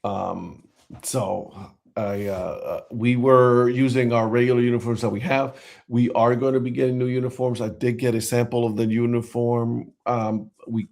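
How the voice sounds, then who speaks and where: A man's voice: mid-range voice, gravelly, darkish tone. A man co-hosting a casual talk show. He talks in a loose, rambling way, full of fillers and self-corrections, in an ordinary mid-range voice. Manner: rambling, lots of fillers and restarts. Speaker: podcast co-host. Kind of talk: casual chat.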